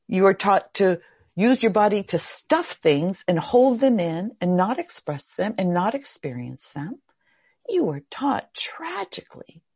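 A woman hosting a group session over a video call, asking the participants questions in an animated way. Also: fairly low pitch, breathy edge, no echo, lo-fi sound. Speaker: workshop host.

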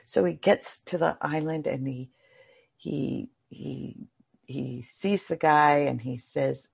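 A woman giving a casual spiritual talk on meditation. She tells a parable in an animated way, acts out the voices and swears now and then. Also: extremely low pitch, slow pace, vocal fry, breathy edge. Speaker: meditation teacher.

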